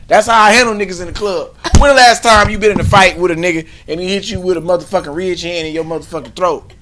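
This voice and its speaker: A man co-hosting a podcast, telling a story in casual chat, profane and boisterous, breaking into shouted yells. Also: high-pitched, steady tone, quick pace, background noise. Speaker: podcast co-host.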